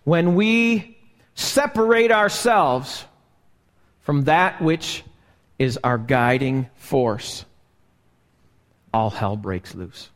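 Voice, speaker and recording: Slow, high-voiced preaching pastor in church. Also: male voice, animated, a bit bright. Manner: slow, emphatic preaching with rhetorical questions to the congregation. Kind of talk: live sermon. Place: church sanctuary. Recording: live church recording with long reverb.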